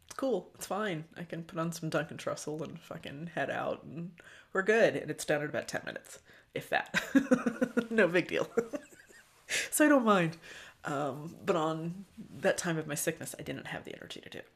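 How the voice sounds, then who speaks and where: A woman hosting a podcast, talking in a loose, candid, profane way about spiritual matters, with frequent ums and soft near-whispered stretches. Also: deep voice, animated, normal speed. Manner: often drops to a soft, breathy near-whisper. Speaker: podcast host. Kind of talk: casual spiritual reflection.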